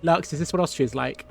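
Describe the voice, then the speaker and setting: A man's voice: on the high side, gravelly, a little mellow, breathy edge. A male streamer chatting casually while playing a video game, laughing often. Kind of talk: game commentary.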